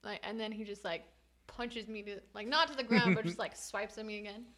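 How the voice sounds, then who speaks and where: A woman playing a tabletop game, animated and loud at times, saying "like" a lot as she describes her moves. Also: mid-range voice, fairly quick, a crowd in the background. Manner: animated, loud bursts, heavy use of "like". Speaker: player. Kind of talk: casual tabletop play.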